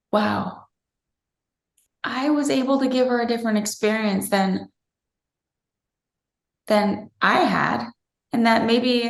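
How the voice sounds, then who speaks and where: A woman's voice: medium pitch, vocal fry. A woman in her thirties, interviewed, earnestly and reflectively telling a personal story from her own family life. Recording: roomy echo.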